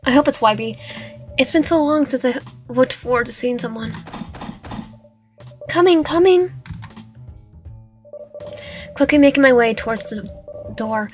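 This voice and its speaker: Lady streamer reading game text out loud, kinda high voice, faint music in back. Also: normal speed. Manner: reads dialogue and narration with lively reactions, some whispered lines. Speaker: streamer playing a visual novel. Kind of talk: reading game text aloud while playing.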